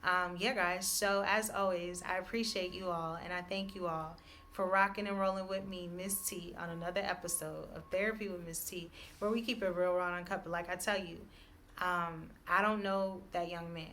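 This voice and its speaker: A woman's bright, forceful voice on a low-pitched register, reading spiritual messages for her listeners. She circles each idea in repeated, hedging phrases and breaks into laughs often. Faint room ambience sits behind her. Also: steady tone, moderate pace, slight background noise. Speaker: intuitive reader.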